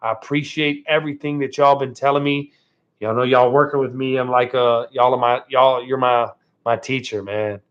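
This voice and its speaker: Over dull lo-fi stream audio, a man hosts a casual home live stream. His mid-range voice is a bit bright, with fairly even intonation and a normal speed. Laid-back with his viewers, he keeps thanking them and tacks "man" onto the ends of his phrases.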